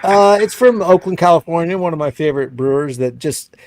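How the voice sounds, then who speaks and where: A man's voice: on the high side, lively intonation, a little fast, a little hiss or hum. A man co-hosting a podcast in laid-back casual chat, swearing offhandedly. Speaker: podcast co-host.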